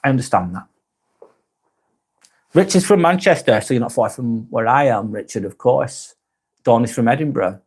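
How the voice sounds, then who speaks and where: A man with a Lancashire accent, hosting a casual live vlog and reading viewers' comments aloud, then answering them in a softer, lower voice. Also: animated, normal speed, long pauses, husky. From Darwen, near Blackburn, northern England. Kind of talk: casual live-stream chat.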